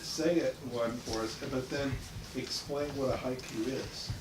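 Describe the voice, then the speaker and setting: A man at home asking a child halting, encouraging questions in casual family chat. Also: mid-range voice, steady tone. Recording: roomy and distant, with clear background noise.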